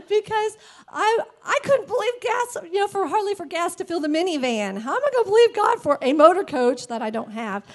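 A woman with a bright, high voice tells her story of faith in an earnest, emotional way. She sounds close to tears, and her voice stays open and heartfelt throughout. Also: sing-song. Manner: emotional and earnest, quick to laugh. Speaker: church member giving a testimony. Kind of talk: personal faith testimony.

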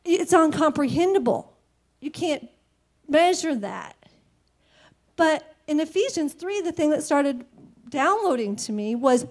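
A woman's voice: sits high, big pitch swings. A woman giving an earnest, emotional personal faith testimony, near tears. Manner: emotional and earnest, quick to laugh. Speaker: church member giving a testimony.

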